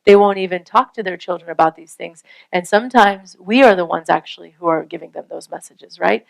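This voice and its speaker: A woman delivers a casual lecture on parenting in a smooth, resonant voice. She speaks earnestly and conversationally, pausing now and then to check in with her listeners. Her pitch sits in a mid range for a woman. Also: low-quality recording. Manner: earnest, conversational, frequent rhetorical "right?".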